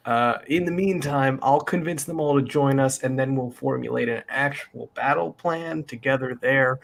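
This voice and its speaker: A player speaking in character in a tabletop game, boastful with wry mock worry. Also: medium pitch.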